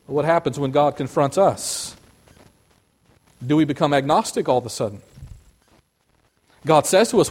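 A man preaching a sermon, animated, acting out the voices of biblical figures as he goes. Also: a little high, moderate pace, pauses often. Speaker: pastor.

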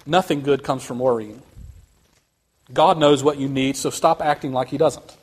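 A man preaching a sermon, speaking earnestly and building to quick, emphatic runs. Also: medium pitch, fairly even intonation, breathy edge. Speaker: pastor.

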